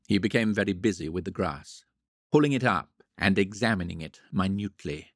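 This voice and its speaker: A man narrating a classic novel in a measured, wry manner. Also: low-pitched, creaky, breathy edge, dry recording, clean studio sound. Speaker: audiobook narrator. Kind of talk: scripted narration.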